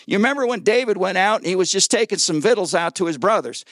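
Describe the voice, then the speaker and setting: Guest preacher, male, high voice, dry close sound, jokey and lively, keeps getting call-and-response from the pews. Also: fast, no room sound. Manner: lively and joking, calls on the congregation for responses; stumbles and repeats words when excited. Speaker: guest pastor. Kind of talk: sermon. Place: church service before a congregation.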